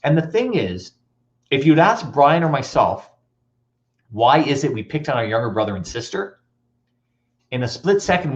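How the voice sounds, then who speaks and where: Animated, playful male storyteller. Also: medium pitch, lo-fi sound. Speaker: motivational speaker. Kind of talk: motivational talk with comic stories.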